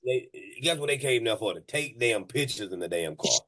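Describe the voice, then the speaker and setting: A man's voice: medium pitch, normal speed. A man who runs a moving company tells a story on a casual podcast. He swears freely, stumbles over repeated words and laughs in the middle of it. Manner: animated, profane, laughs mid-story; many restarts and repeated words.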